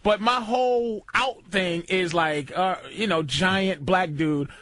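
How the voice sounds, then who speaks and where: A man's voice: sits high, slow, fairly bright tone. A man, a comedian guest-hosting a radio show, telling stories in loose, profane banter. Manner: loose, profane, laughing storyteller. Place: radio studio.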